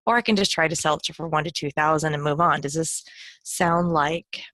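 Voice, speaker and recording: Female podcast co-host, lowish pitch, casual read-aloud delivery, dry sound. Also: steady tone, a little fast, a bit bright, no room sound. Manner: reading a listener question aloud.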